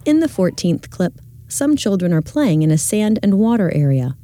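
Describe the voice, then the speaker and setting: A woman reading a scripted audio description of classroom video clips in a measured, clear way. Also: mid-range voice, big pitch swings, mellow.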